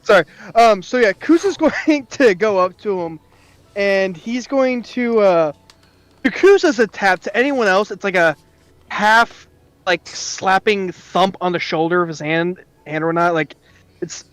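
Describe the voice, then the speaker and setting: A man playing a tabletop game, describing his character's moves in a hesitant, halting way with many fillers. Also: high voice, expressive, dry recording. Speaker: player.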